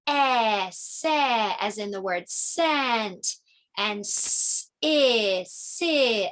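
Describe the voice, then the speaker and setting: A woman with a medium-pitched, fairly bright voice casually walks through preschool lesson ideas in an instructional vlog. As a teacher sharing ideas, she is chatty and explains things step by step.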